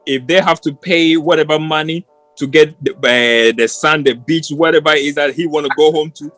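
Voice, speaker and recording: A man with a somewhat high voice co-hosts a relaxed post-match football discussion. He rambles, circles back and restarts sentences while pressing his points with passion. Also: moderate pace, no echo, soft background music. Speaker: football podcast co-host. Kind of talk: casual post-match chat.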